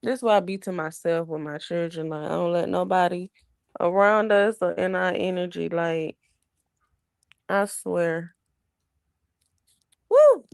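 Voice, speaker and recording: A woman's voice: lowish voice, fairly even intonation, moderate pace, vocal fry, clear, resonant tone, no room sound. A young woman chatting casually on a livestream, greeting viewers and talking about her kids while burping a baby.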